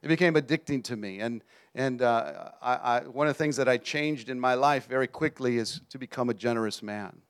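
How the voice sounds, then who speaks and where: Animated male preacher telling a story. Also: mid-range voice, a little fast, clear, resonant tone. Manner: animated storyteller, often asks the audience "you understand?". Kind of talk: sermon storytelling.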